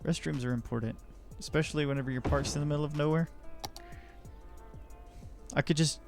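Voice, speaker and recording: Dude chattering through his city builder, goofy and self-mocking, some quiet music under it. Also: on the high side, fairly even intonation, brisk, vocal fry. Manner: rambling, jokey, self-deprecating. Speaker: let's play host. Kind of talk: casual gameplay commentary.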